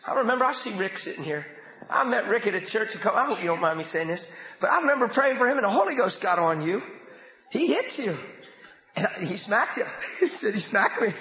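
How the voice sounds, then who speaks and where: A man preaching a sermon in a church, fervent and breaking into shouted bursts. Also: high-pitched, big pitch swings, a little fast. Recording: echoey church hall, dull lo-fi.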